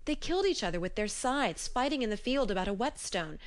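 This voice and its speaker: A woman's voice: on the high side, expressive, fairly quick, pitched above the performer's own voice, close to an everyday voice. Woman playing male messenger, alarmed, urgent, raised voice, storybook. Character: breathless male messenger bringing grim news.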